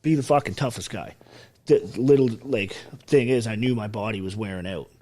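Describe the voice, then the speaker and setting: A man in his thirties, a former soldier from Canada, telling his life story in a casual interview with lots of swearing and animated retelling. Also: lowish voice, a little fast. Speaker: podcast guest, former soldier.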